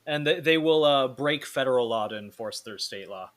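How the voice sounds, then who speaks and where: A man's voice: mid-range voice, expressive, moderate pace, a bit bright. A man hosting a podcast, chatting casually and bluntly, swearing freely. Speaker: podcast host. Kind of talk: casual chat.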